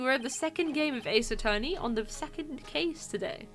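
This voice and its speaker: A woman's voice: sits high, expressive, a little fast, fairly bright tone, faint music behind. Chatty, giggly woman streamer. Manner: chatty, giggly, greets chat viewers. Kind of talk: casual let's-play commentary and reading game text. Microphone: desk mic, live stream.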